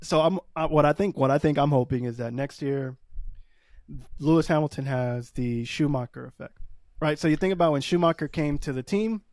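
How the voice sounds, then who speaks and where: A man co-hosting a podcast in casual chat, excitable and quick to laugh. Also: on the high side, no room sound, clean studio sound. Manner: excitable, laughs often, fast bursts. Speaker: podcast co-host.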